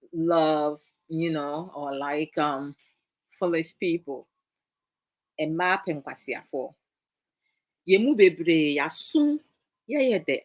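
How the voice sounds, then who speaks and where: Slow-talking Ghanaian woman hosting a chat. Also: lowish voice, a bit bright. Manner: chatty and playful, mixes in Twi phrases. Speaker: host. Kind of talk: casual live-stream chat, reading viewer comments.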